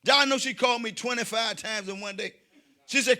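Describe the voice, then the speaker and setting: Shouting, high-pitched stand-up comedian man. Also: fairly quick. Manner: loud, preacher-like shouting with dramatic swings.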